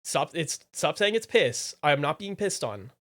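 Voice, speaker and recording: Playful live streamer, teasing banter, mid-range voice, swings from muttering to loud outbursts. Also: mid-range voice, big pitch swings. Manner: playful, teasing, jumps from mumbling to loud exclamations; repeats phrases, quick asides to chat. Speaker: livestreamer. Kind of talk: casual live-stream chat, answering viewers.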